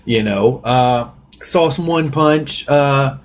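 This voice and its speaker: A man's voice: medium pitch, takes it slowly. A man hosting a casual podcast chat, easygoing, self-deprecating and swearing freely. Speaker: podcast host.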